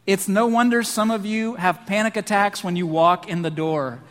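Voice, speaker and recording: High-voiced preacher in a reverberant hall. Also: male voice, a bit bright. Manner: emphatic preaching, slows down on key lines. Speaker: pastor. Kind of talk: sermon. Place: church sanctuary. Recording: long reverb of a large hall.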